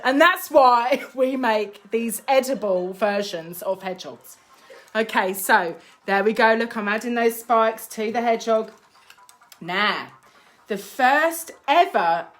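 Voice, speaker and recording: A woman's voice: mid-range voice, fairly bright tone. A woman presenting a live-streamed craft tutorial, telling playful made-up facts, giggling and chatting with many fillers.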